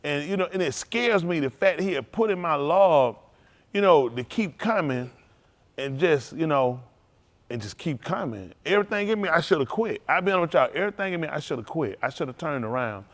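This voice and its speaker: A man preaching at a congregational service with a raised voice that leaps widely in pitch. He delivers an informal testimony-style sermon, animated and quick to laugh. He speaks directly and frankly to the people in front of him. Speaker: pastor. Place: synagogue service.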